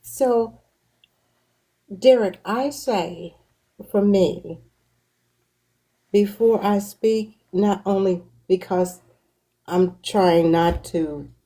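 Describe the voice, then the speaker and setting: A woman hosting a talk show, telling her own stories in a slow, reflective way. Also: mid-range voice, warm tone, poor audio. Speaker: host. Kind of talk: casual conversation.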